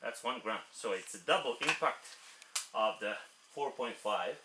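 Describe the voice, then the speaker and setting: A man gives casual commentary while test shooting, calling out readings in short clipped bursts. His pitch moves around a lot. The recording is roomy and echoey, with clear noise behind him. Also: animated, a little slow. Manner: reads out velocity numbers in short bursts. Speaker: air rifle reviewer.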